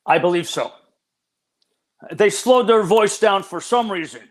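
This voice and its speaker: An older man answers interview questions in an earnest, explanatory way with a somewhat academic tone. His voice sits a bit higher than most men's and comes through remote call audio. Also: measured pace. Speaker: guest expert.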